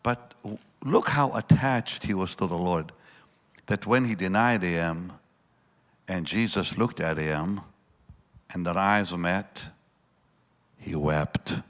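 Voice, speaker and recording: A man preaching a sermon, swinging between loud bursts and hushed lines and acting out the voices in his story. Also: sits low, takes it slowly, long pauses. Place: large church hall. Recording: long church reverb.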